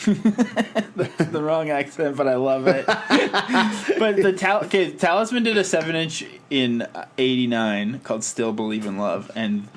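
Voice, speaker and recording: A man's voice: fairly high pitch, unhurried, a little hiss or hum. A man from Calgary co-hosting a podcast, talking in a rambling, wry way and laughing easily. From Calgary, Canada. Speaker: podcast co-host. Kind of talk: casual chat.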